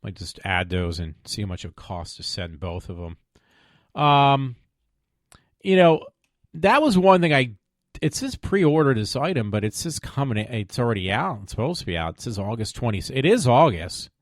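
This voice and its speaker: Solo web show host, a man, mid-pitched, rambling and sarcastic, dry close mic at home. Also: big pitch swings, moderate pace, no echo. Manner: rambling, many fillers and trailing off; sarcastic, mock-pleading asides. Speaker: podcast host. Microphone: desk microphone at home.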